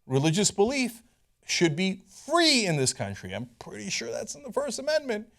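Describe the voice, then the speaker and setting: A man hosting political commentary in a sarcastic, incredulous, animated way. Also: sits high, normal speed, gravelly.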